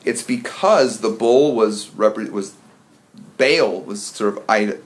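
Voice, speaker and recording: A man's voice: fairly low pitch, slow pace. A man leading an informal church Bible study for a small group, chatty and prone to stumbling over words.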